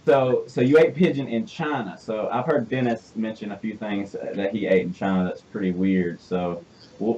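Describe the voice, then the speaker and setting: A man's voice: lowish voice, dark tone. A man with an Alabama accent hosting a casual interview, chatty and rambling, laughing easily. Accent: Southern US, Alabama. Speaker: podcast host. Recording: distant, dull mic with faint noise.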